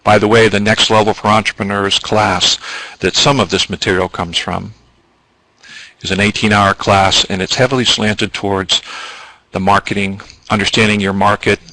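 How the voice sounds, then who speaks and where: A man's voice: low voice, gravelly, sharp tone, dry recording, poor audio. A man presenting a business training webinar, explaining at length with ums and asides.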